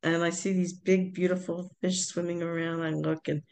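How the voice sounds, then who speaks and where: A woman's voice: fairly low pitch, level tone, normal speed, gravelly, darkish tone. Older woman telling rambling family stories. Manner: rambling storyteller, many fillers and restarts. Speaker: podcast co-host, parent of the other speaker. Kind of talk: casual family chat.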